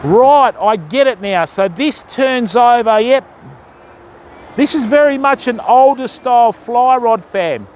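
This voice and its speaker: A high-pitched Australian man chats casually on a live fishing stream, ribbing his viewers with easy banter as he casts outdoors. Faint outdoor noise sits behind his voice. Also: lively intonation, slow pace.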